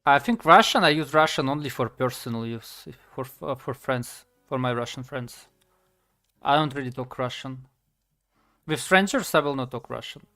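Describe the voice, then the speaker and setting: A man's voice: medium pitch, lively intonation, pushed and bright. Man, streaming while coding. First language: Slovak. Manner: halting, many fillers and restarts, thinking aloud. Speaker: game developer streaming. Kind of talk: casual live-stream chat while coding.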